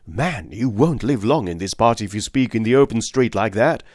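A man's voice: on the low side, lively intonation, moderate pace, no echo, clean studio sound, close to an everyday voice. A man reading an audiobook voices a nervous, secretive miner who talks with urgency. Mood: warning. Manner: urgent and hushed at times. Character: nervous middle-aged male miner, secretive.

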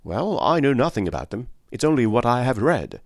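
A man's voice: medium pitch, sing-song, brisk, a little mellow, no room sound, clean studio sound, pitched above the performer's own voice. Man playing a bold, self-assured stranger. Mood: confident. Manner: confident and forthright.

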